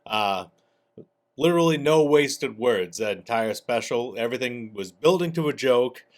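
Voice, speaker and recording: A man with an ordinary mid-range voice, summing up a video in an easygoing, casual way. He talks loosely and pauses on frequent "uh"s. It sounds like an everyday online host addressing his viewers. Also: mid-range voice. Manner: relaxed, frequent "uh" fillers. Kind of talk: casual wrap-up commentary.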